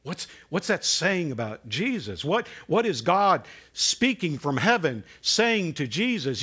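A man preaching a sermon in a conversational way, asking the congregation questions and dropping to a hush for emphasis. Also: a little high, sing-song, a little slow, few pauses, breathy edge, muffled recording. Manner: conversational preaching, rhetorical questions, dramatic hushed drops. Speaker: pastor.

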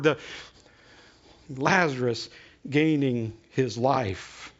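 A man preaching a sermon as a story, animated, slowing right down for dramatic retelling. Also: fairly high pitch. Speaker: pastor. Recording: dull lo-fi recording.

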